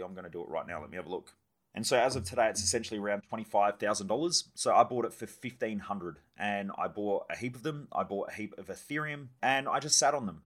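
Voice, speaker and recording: A male podcast host talks fast in a low-pitched voice through a casual solo monologue. He is candid and swears freely, and he acts out his own past reactions as he tells a personal story. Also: fairly bright tone.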